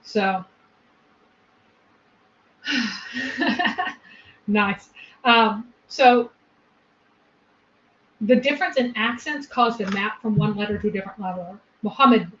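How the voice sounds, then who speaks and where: Woman co-host, patient explainer, slightly high voice, dull lo-fi sound. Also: slow pace, pauses often, fairly bright tone. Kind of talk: explanatory discussion. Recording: echoey, lo-fi room recording.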